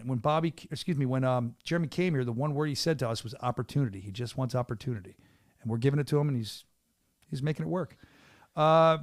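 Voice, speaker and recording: A man hosting a casual podcast from a small studio, talking with an excitable hype-man energy. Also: medium pitch, dry recording. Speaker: podcast host and venue announcer.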